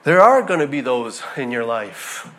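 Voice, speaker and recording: A middle-aged man preaching a sermon, telling a personal story in a conversational, animated way with frequent restarts. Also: mid-range voice, moderate pace. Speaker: pastor.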